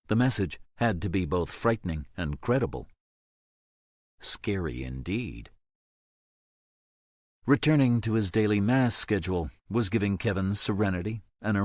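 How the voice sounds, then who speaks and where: A man narrating an audiobook in a steady, measured way. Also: fairly low pitch, no room sound, studio quality.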